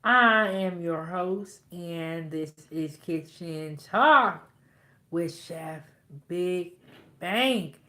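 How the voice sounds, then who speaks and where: Slow-talking, bright-voiced woman cooking host. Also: fairly low pitch. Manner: laughing, playful, teasing herself. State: tired after eating. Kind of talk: casual chat to camera.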